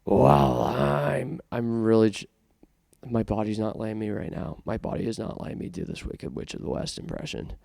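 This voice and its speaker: A man's voice: fairly low pitch, expressive, normal speed, creaky, a little mellow, no room sound, clean studio sound. A man from Canada hosting a casual podcast monologue, self-conscious and rambling with many restarts. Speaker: podcast host.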